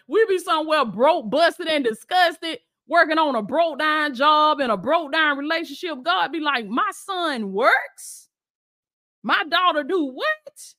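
A woman preaches to her online followers in a high, pushed, bright voice. The Christian lifestyle coach speaks to them directly, emphatic and repetitive, urging them over and over to stand firm.

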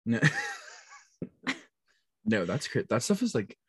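A podcast co-host joking along in casual banter, with a husky, slightly breathy voice. The pitch moves around a lot as they tease and laugh. The sound is dry and close. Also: big pitch swings, takes it slowly, a bit bright, no echo. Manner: teasing, laughs often.

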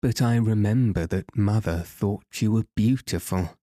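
A man reading the part of an earnest, eager grown man calling out to his long-lost brother. The voice stays low and dark, like a storybook read aloud. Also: a little slow, no echo, studio quality, natural voice.

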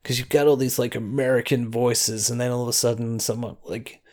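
Australian man, podcast host, casual rambling recap, chuckling asides, mid-pitched voice. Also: steady tone, brisk, darkish tone.

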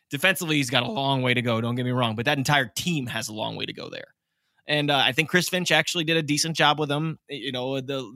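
A man hosting a casual sports podcast, animated and opinionated, laughing often. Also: medium pitch, dry recording, clean studio sound. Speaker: podcast host.

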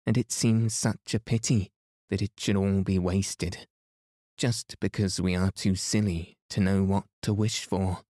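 A man voicing a gentle, polite young girl in a bedtime storybook reading, speaking earnestly and kindly. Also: sits low, fairly even intonation, unhurried, no echo, clean studio sound.

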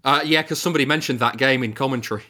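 A man's voice: medium pitch, very fast, sharp tone. A man co-hosting a podcast, telling anecdotes and laughing at his own stories. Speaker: podcast co-host. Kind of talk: casual chat, anecdotes.

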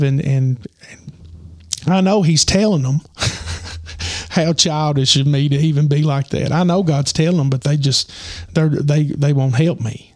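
A man telling a rambling personal story with lots of fillers, his voice getting hoarse. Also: a little high, a little mellow, no echo, studio quality. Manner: rambling, many fillers and restarts. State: losing his voice. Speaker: podcast host. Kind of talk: casual storytelling.

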